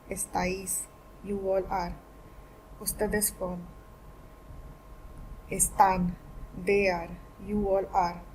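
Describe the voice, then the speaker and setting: A woman's voice: mid-range voice, slight background noise, low-quality recording. A woman teaching a beginner Spanish lesson, explaining each point step by step and repeating every word form twice.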